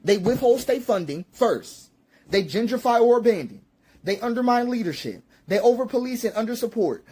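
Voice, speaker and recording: A man's voice: very high voice, animated, moderate pace, warm tone, breathy edge. A man giving impassioned spoken commentary, preachy and repetitive, with rhetorical questions and emphatic peaks.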